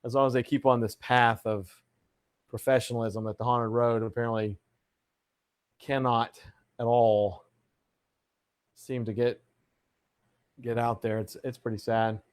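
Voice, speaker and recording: A man's voice: medium pitch, flat delivery, unhurried, pauses often, smooth. Casual livestream host, man, playful announcer flourishes, reads chat aloud. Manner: playful showman greetings, reads viewer comments aloud. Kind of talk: casual live chat show.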